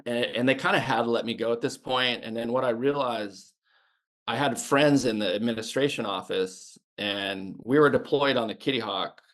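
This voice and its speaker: A man's voice: mid-range voice, moderate pace, a bit bright. A man in his fifties from the United States, a former Navy sniper and podcast guest, telling his story in a blunt, casual way that is full of restarts and swearing.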